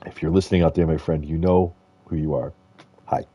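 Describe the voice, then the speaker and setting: A man's voice: a bass voice, fairly even intonation, fairly quick, husky, lo-fi sound. A man streaming a video game, chatting casually and rambling with frequent chuckles. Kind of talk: casual gameplay commentary.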